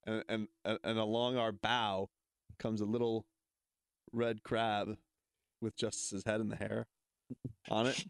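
A man's voice: on the low side, level tone, unhurried, vocal fry, pauses often, smooth, no room sound, studio quality. A man cohosting a casual sports talk show, rambling and repeating himself as he tells a goofy story. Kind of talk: casual banter.

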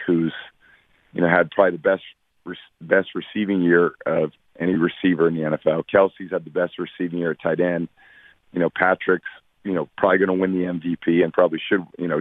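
A man with a low voice calls in to a radio show, and the line sounds tinny and dry. He is in his forties and answers in a measured way, padding his sentences with fillers. He speaks as a guest athlete. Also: dry recording. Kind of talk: radio phone interview.

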